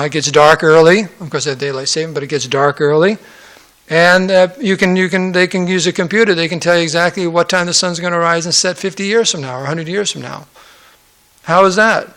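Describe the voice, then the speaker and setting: A man's voice: on the high side, steady tone, brisk, fairly bright tone. A man giving a conversational scripture class, mixing reading with joking asides and acted-out quotes. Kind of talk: sermon-style scripture class.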